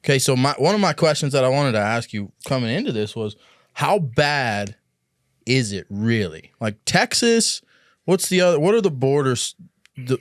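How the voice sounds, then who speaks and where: A man's voice: mid-range voice, very animated, normal speed, no room sound, studio quality. A man hosting a casual podcast chat, asking long, rambling questions and working through his points aloud. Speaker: podcast host.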